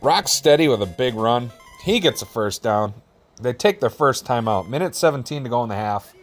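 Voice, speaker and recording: A man doing relaxed, jokey play-by-play commentary over a video football game, with self-deprecating asides. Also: mid-range voice, normal speed, faint music behind.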